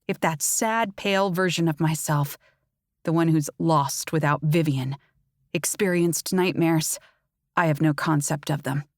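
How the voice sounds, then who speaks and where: A woman narrating a first-person fantasy audiobook in a measured, dramatic way. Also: low voice, no echo, studio quality. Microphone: close studio mic.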